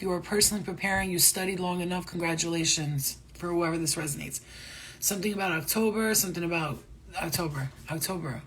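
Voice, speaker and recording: A woman giving a casual spiritual reading to her viewers, talking in a rambling, excitable and profane way. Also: lowish voice, a little hiss or hum. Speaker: spiritual reader.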